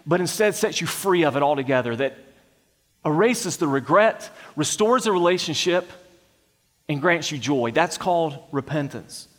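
A man's voice: fairly high pitch, animated, moderate pace, big-room sound. A man preaching a sermon, earnest and emphatic, asking rhetorical questions of his congregation. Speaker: pastor.

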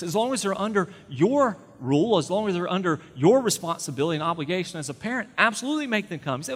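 A man's voice: high-pitched, big pitch swings, very fast, hardly any pauses. Conversational male pastor in a reverberant hall. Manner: conversational, repeats words, rises to emphatic peaks. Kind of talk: sermon.

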